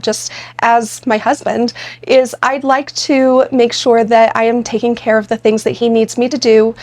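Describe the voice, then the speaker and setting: High-pitched woman explaining things earnestly on a chatty podcast. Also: a little mellow. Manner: earnest, explanatory, speaks openly about her marriage. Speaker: podcast co-host. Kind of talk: casual conversational podcast.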